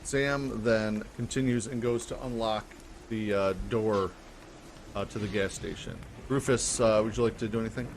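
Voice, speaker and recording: A man's voice: lowish voice, fairly even intonation, moderate pace, slight background noise. A man narrating a tabletop game as game master, in a casual, hesitant way with many fillers.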